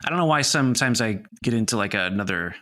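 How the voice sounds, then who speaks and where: A man from the Midwest hosting a casual podcast chat, playful and sing-song, with big swings in pitch. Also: expressive, quick pace, sharp tone. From American Midwest. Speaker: podcast host.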